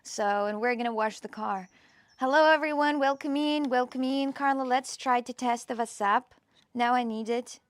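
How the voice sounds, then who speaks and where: A woman's voice: on the high side, moderate pace, no room sound. A woman hosting a casual live stream outdoors in her backyard, talking into her phone camera and often restarting her sentences. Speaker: livestream host.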